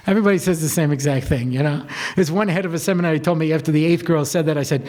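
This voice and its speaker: A rabbi and lecturer with a fairly high voice races through a lively story-filled talk to students, acting out his characters' lines. His chatty, animated speech is loose and full of "you know."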